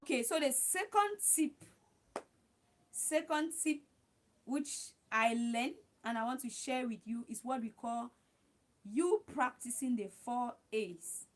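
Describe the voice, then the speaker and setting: A woman's voice: on the high side, slow. A woman hosting a casual livestream, giving advice and repeating her points while talking straight to her viewers. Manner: repetitive, talks straight to viewers as "guys". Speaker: livestream host.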